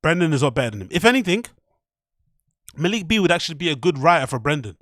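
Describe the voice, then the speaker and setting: A man's voice: on the high side, very animated, quick pace, a bit bright, dry recording, studio quality. A British man hosting a livestream reaction show, talking bluntly and rambling, with frequent swearing. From United Kingdom. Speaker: livestream host.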